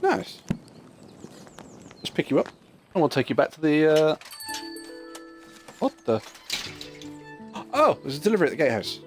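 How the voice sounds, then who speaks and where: A man's voice: a little high, moderate pace, pauses often. Chatty man with game music behind. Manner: chatty, rambling, lively. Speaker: streamer. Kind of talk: casual gameplay chat.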